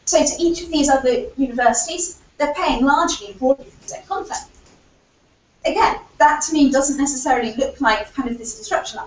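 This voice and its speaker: Woman conference speaker, earnest, filler-heavy talk, voice slightly recovering; dull lo-fi recording with faint noise. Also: sits high. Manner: earnest, argumentative, frequent fillers like "kind of". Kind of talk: conference presentation. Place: lecture hall. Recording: echoey hall, distant, dull lo-fi audio.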